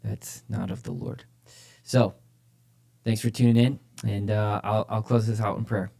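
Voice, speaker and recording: A man's voice: on the low side, steady tone, unhurried, creaky, dark tone. A man co-hosting a church podcast, talking casually and with energy about faith, often repeating phrases for emphasis. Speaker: podcast co-host, church leader.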